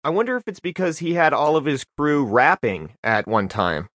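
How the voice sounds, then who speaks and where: Profane, animated man telling stories. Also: a little high, moderate pace, no echo, clean studio sound. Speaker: podcast guest. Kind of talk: casual chat.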